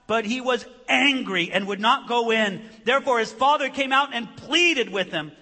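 A man's voice: very high-pitched, moderate pace, sharp tone. A man preaching a sermon, retelling a story with dramatic flair and acting out the characters' voices. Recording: long reverb of a large hall.

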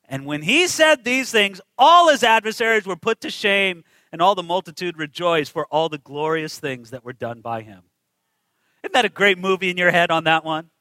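Guy preaching a sermon, really bright sharp tone, punchy and emphatic, keeps asking the crowd questions. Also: high voice, animated, moderate pace, dry recording, rough recording. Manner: emphatic, rhetorical questions to the congregation.

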